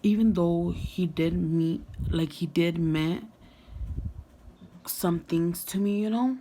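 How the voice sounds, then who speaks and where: A woman's voice: lowish voice, takes it slowly, dark tone, a little hiss or hum. A young woman vlogger telling a candid storytime, frank and full of swearing and "like". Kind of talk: casual storytime monologue.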